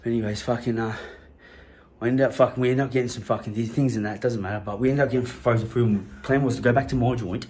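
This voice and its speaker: A man's voice: mid-range voice, steady tone, fast talker, darkish tone, a little hiss or hum. A man with an Australian accent, telling a personal story in a rambling, slang-heavy way full of swearing. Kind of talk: casual anecdote telling.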